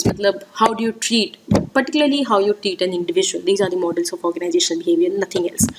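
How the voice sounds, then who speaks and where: A woman's voice: mid-range voice, a little hiss or hum, poor audio. A woman with an Indian English accent giving an exam-prep lecture, explaining step by step and repeating key points with frequent fillers.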